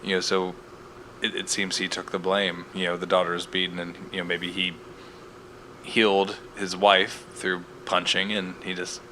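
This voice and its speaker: A low-pitched man with a bright, forceful tone co-hosts a podcast recap in casual chat. He tosses in wry, joking asides, over a faint hiss. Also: level tone, normal speed. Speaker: podcast co-host.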